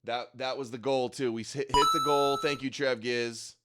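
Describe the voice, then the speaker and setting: A man's voice: mid-range voice, fairly even intonation, moderate pace, a loud crowd. A man hosting a livestream, reacting to clips with sarcastic, exasperated commentary. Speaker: livestream host.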